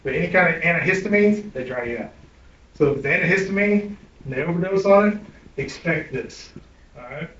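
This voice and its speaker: A man's voice: on the high side, animated, brisk, a bit bright, lo-fi sound, a little hiss or hum. A middle-aged man teaching an EMS class, blunt and profane, quizzing students between stories. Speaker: EMS instructor. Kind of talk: classroom lecture with anecdotes. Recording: echoey room, distant mic.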